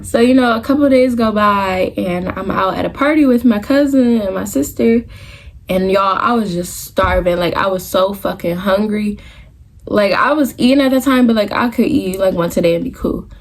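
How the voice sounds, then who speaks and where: A young woman in her twenties, medium-pitched and speaking at a normal speed, tells viewers a casual, candid story laced with profanity. As a vlogger, she drifts into loose run-on asides and restarts the tale.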